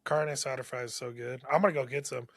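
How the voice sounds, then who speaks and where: A man's voice: medium pitch, fairly even intonation, fast talker, vocal fry, no echo, studio quality. A man co-hosting a casual podcast, trading joking, profane banter. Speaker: podcast co-host. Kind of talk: casual chat.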